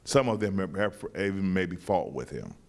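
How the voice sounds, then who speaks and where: A man with a lowish voice talks through his play in an interview. He starts sentences again and again and circles back before landing his point, thoughtful and unhurried. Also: lively intonation, darkish tone. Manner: halting, many repeated starts, thoughtful. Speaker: playwright and director. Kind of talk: interview answers.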